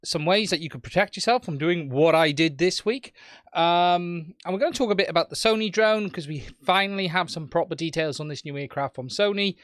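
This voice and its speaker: Welsh man, live stream host, chatty, fairly high voice, dry close sound. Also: a little fast, a bit bright, dry recording. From Wales. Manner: chatty, greets chat viewers by name. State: standing while streaming. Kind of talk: casual live stream chat.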